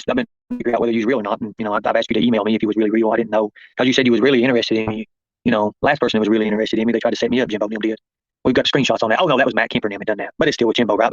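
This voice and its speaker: Speaking very fast in a mid-pitched voice, a man delivers a confrontational livestream monologue, addressing viewers and chat by name. The audio is close, dry, dull and lo-fi, with no room sound.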